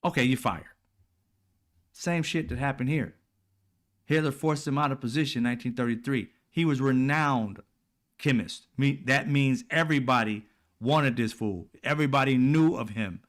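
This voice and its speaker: A man's voice: medium pitch, moderate pace. A man, giving blunt, profane, heated political commentary as a host in casual speech.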